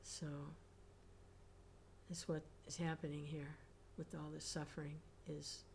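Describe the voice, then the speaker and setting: A woman reading scripture aloud and commenting on it as a class teacher, reflective and pausing with soft hums. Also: deep voice, little pitch movement, vocal fry, slight background noise.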